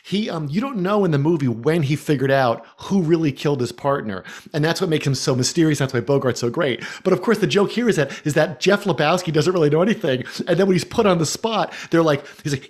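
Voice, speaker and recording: Enthusiastic man with a higher voice. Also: expressive, quick pace, few pauses. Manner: enthusiastic, laughs often while talking. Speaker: podcast co-host. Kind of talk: casual film discussion.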